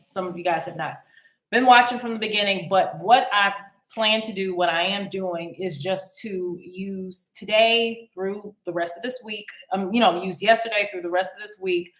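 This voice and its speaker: A woman's voice: mid-range voice, normal speed, a bit bright. A woman hosting a casual commentary vlog, rambling along with many ums and restarts. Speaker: YouTube commentary host. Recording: echoey room.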